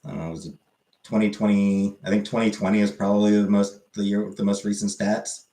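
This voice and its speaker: A man's voice: lowish voice, level tone, fairly quick, warm tone. A man hosting a livestream, chatting casually with his viewers and often correcting himself mid-sentence as he rambles. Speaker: livestream host answering chat. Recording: roomy echoey room.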